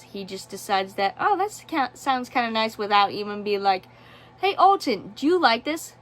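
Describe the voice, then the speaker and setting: A woman giving a casual book review, sarcastic and exasperated. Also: mid-range voice.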